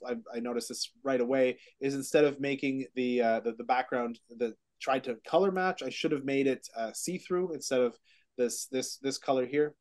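A man's voice: medium pitch, a little mellow. A man hosting a real estate podcast, telling a self-mocking story in a rambling way with many fillers. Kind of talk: casual podcast chat.

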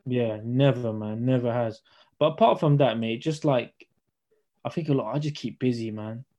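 A man's voice: mid-range voice, moderate pace, mellow, highs cut off. A young man, a personal trainer guest, chatting casually in slang and acting out gym stories. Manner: slangy, storytelling, acts out dialogue. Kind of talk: casual chat.

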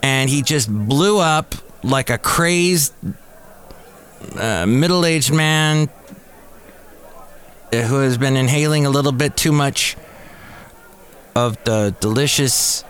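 A man's voice: medium pitch, animated, takes it slowly, long pauses, fairly bright tone. A man hosting a podcast from a cafe. He talks in a casual, rambling monologue full of jokey, sarcastic asides. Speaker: podcast host.

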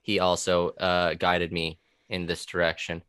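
A man's voice: low voice, monotone, a little slow, a bit bright, clean tone, no echo, studio quality. A man talking casually on a podcast about his time as a corrections officer. He rambles with many fillers, restarts and curse words.

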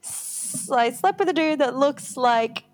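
A woman's voice: high-pitched, animated, measured pace. A woman co-hosting a podcast in casual chat, candid and self-deprecating, laughing often. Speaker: podcast co-host.

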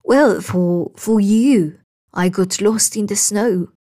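A woman's voice: mid-range voice, slow, mellow. A woman voicing a lost, anxious young husband who speaks up urgently in a raised voice.

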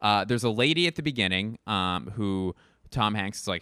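A man's voice: lowish voice, expressive, normal speed, bright, forceful tone, clean tone, dry recording, clean studio sound. A young man hosting a podcast, riffing in a rambling, sardonic way and swearing casually. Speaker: podcast host. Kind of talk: casual comedic monologue.

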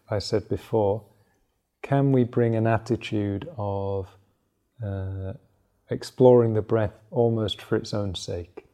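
A man teaching a meditation class, explaining the practice in a relaxed way that sounds like he is thinking aloud. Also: lowish voice, gravelly.

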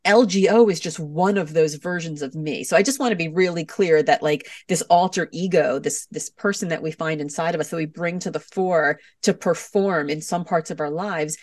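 Lively storytelling middle-aged woman, dry and distant. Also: low-pitched, moderate pace, few pauses, no room sound. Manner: animated storyteller acting out voices. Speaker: author and guest. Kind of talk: podcast interview.

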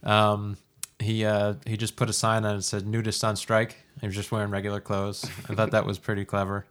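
A man's voice: on the low side, monotone, fairly quick, fairly bright tone. A man hosting a casual podcast chat, easygoing, with plenty of fillers and laughs. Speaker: podcast host.

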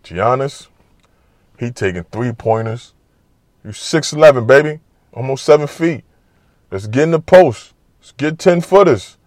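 A man giving a casual, animated, trash-talking basketball monologue full of slang. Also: medium pitch, unhurried, long pauses, no echo, clean studio sound. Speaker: basketball commentator. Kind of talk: casual sports talk monologue.

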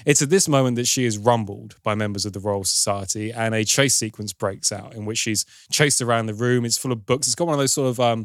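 A man chatting casually as a podcast host, walking through a film's plot with a wry, sardonic edge. His voice sits at an ordinary middle pitch. The sound is dry and close, with no room around it. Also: fairly quick, hardly any pauses, dry recording. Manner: wry, storytelling, lightly sardonic. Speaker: podcast host recapping a film. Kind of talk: casual film recap chat.

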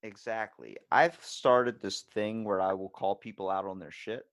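Blunt, low-voiced male podcast host. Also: a little slow, no echo, studio quality. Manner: blunt, swears freely, storytelling. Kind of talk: casual conversation.

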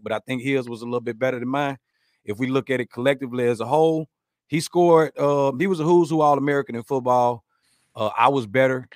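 A man hosting a podcast, chatting casually, joking, rambling through stories and giving shout-outs to listeners. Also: medium pitch, no room sound, studio quality. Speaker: podcast host.

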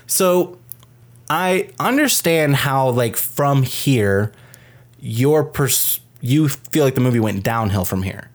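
A man's voice: medium pitch, slow pace. A man co-hosting a film review podcast, talking in casual chat that rambles with lots of swearing, restarts and "like", and slips into acting out characters' lines. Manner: rambling and profane, full of restarts and "like"; animated, acts out characters' lines mid-sentence.

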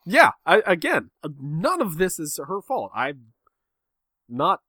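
A man's voice: high-pitched, huge pitch swings, slow, sharp tone, no room sound. A man chatting casually, rambling and self-mocking as he tells a story about himself. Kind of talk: casual chat, telling a story.

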